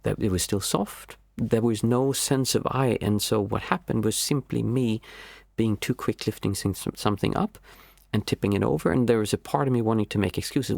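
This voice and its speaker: A man with a low, heavily gravelly voice gives a reflective spiritual talk as a meditation teacher. He halts often, repeats words and searches for the right term. The recording is dry, with no room sound. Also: normal speed, no echo.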